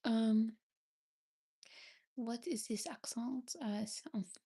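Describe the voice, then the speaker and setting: A woman's voice: on the high side, steady tone, takes it slowly, warm tone, slightly rough. A woman from Paris with a French accent, French being her first language, chatting casually on a livestream from her bed and reading out comments with frequent ums and restarts. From France, Paris. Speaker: livestream host. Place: seated on her bed indoors. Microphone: phone.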